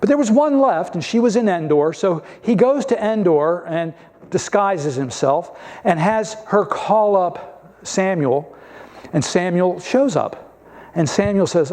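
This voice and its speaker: A man's voice: high voice, expressive, a little slow, darkish tone. A male pastor preaching a sermon in a conversational, emphatic way, asking many rhetorical questions.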